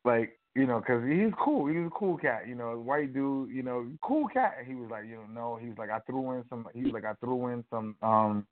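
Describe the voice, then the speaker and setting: A man co-hosting a casual talk show, telling a rambling, animated story full of fillers. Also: medium pitch, normal speed, few pauses. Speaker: co-host. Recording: tinny phone-like audio.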